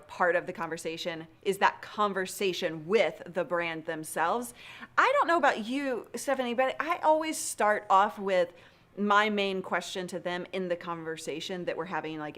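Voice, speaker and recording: A woman hosting a casual livestream interview over a video call, enthusiastic and quick to laugh. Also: mid-range voice, a bit bright. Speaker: livestream host.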